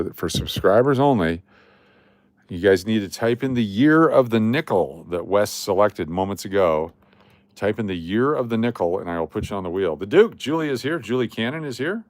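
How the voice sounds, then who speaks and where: A man's voice: lowish voice, no echo. A middle-aged man from Las Vegas hosting a casual coin live stream, chatting and reading viewer comments aloud. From Las Vegas, Nevada. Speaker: livestream host running coin giveaways.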